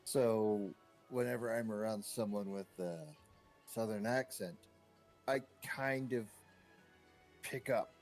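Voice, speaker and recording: A man's voice: on the low side, steady tone, takes it slowly, pauses often, a little mellow, soft background music. A man chatting casually on a gaming stream, restarting his sentences and searching for words.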